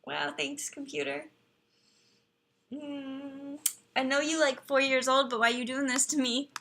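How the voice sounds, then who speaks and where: A young woman hosts a casual live stream in a high-pitched voice. Her tone is bright and lively, and she chats easily as she reads out game profiles and viewer messages. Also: measured pace, gravelly. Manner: chatty, reads viewer chat and profiles aloud, talks to her computer. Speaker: livestream host reviewing game profiles.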